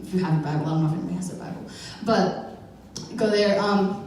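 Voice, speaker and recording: A woman's voice: lowish voice, fast talker, darkish tone, slight background noise. Young woman, casual church talk, playful and rambling, distant mic in a very echoey hall. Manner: chatty and playful, many fillers and self-corrections. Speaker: youth speaker giving a church message. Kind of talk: informal sermon.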